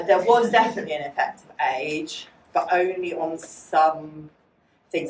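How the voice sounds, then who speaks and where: Deep-voiced woman lecturing in a hall. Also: slight background noise. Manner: fast, chatty, many fillers like "um" and "like". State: out of breath. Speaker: psychology lecturer. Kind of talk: academic public talk with audience Q&A. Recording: echoey room, distant mic.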